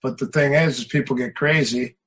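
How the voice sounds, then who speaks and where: A man's voice: medium pitch, fairly even intonation, a little fast, a bit bright, husky, rough recording. A middle-aged man, a martial arts coach, talking casually in an interview. He tells anecdotes with energy and repeats phrases for emphasis.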